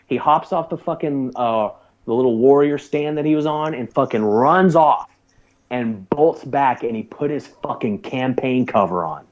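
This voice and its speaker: A man's voice: mid-range voice, moderate pace, lo-fi sound. Swearing man telling a war story. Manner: profane, animated anecdote telling with put-on quotes. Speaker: guest, former Navy corpsman. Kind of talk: casual podcast storytelling.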